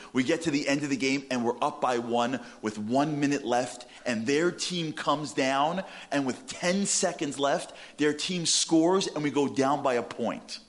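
A man giving a humorous sermon, animated and telling stories. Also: medium pitch. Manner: animated, comic, storytelling. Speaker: speaker.

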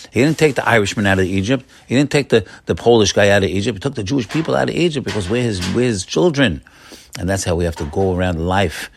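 A man's voice: on the low side, no room sound. A man giving a Torah sermon, reciting Hebrew verses and explaining them with earnest, repetitive phrasing as he builds each point. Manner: earnest, repeats words while building to points; addresses listeners as friends. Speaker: religious teacher.

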